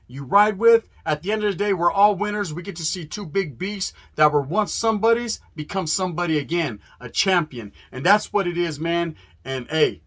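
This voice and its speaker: A man's voice: sits high, sharp tone. A man from California hosting a profane, fired-up fight promo, talking in street slang laced with Spanish words. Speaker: host. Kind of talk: hyped fight promo monologue.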